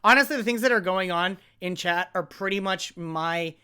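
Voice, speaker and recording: A man's voice: high-pitched, moderate pace, sharp tone, clear, resonant tone. A man co-hosting a podcast, chatting casually in a rambling way with many fillers and restarts. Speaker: podcast co-host. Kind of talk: casual chat.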